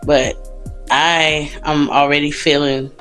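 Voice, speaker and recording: A young woman talks into her phone at arm's length in a loose, rambling vlog chat, poking fun at herself and breaking into laughs. Her voice sits a little low for a woman, with faint music somewhere behind. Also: little pitch movement, takes it slowly, a bit bright. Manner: chatty, rambling and self-mocking, laughs often. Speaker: vlogger. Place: bathroom and hotel, indoors.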